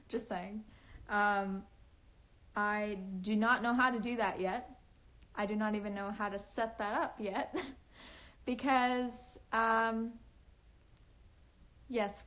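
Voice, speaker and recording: A woman's voice: on the high side, fairly even intonation, takes it slowly, pauses often, a bit bright. A young woman chatting casually on a phone live stream, giggling often and speaking in a valley-girl lilt full of fillers. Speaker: livestreaming author.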